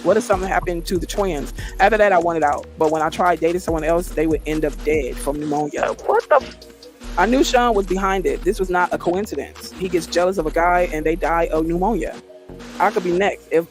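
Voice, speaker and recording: A man with a fairly high voice reads a memoir aloud for a live reaction stream. His delivery is dramatic, and he breaks off to comment on what he reads. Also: a little fast, soft background music.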